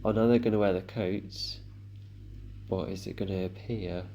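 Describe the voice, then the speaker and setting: A man, voice sitting low with a gravelly edge. He reacts to a show in casual commentary, thinking aloud as he goes. He stops and restarts often with ums. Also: steady tone, normal speed, mellow, highs cut off, slight background noise. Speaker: reaction video host.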